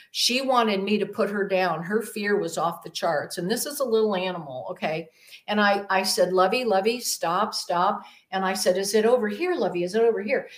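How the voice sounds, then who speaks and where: Her voice is medium-pitched and slightly bright as this demonologist, a guest on a podcast, recounts a personal story. The telling wanders, is thick with fillers, and includes acted-out voices of those she quotes.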